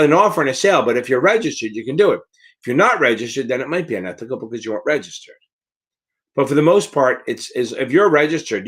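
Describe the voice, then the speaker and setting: Here a man with a medium-pitched, fairly bright voice casually tutors students for securities exams during a live Q&A stream. He's blunt and profane, tired enough to yawn, and calls his viewers baby.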